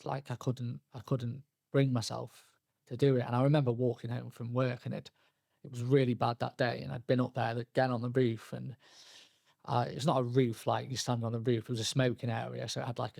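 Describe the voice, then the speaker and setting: A young man, a podcast guest telling his story candidly, halting and restarting often. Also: mid-range voice, flat delivery, vocal fry, darkish tone, no room sound, clean studio sound. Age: young adult. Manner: halting, frequent restarts and fillers, quoting himself and others.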